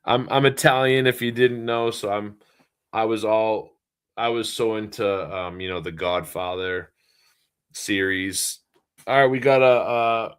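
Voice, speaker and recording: A man's voice: mid-range voice, smooth. A middle-aged man, co-hosting a livestream in casual, rambling chat full of fillers. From Boston area, US. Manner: easygoing, rambling, many fillers. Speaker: livestream co-host.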